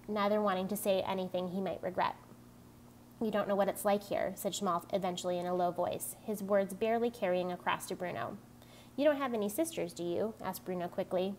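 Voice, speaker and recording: A woman reading a novel aloud in a plain, steady voice, keeping the characters' lines close to her own. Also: mid-range voice, slight background noise. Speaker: reader. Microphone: tablet mic.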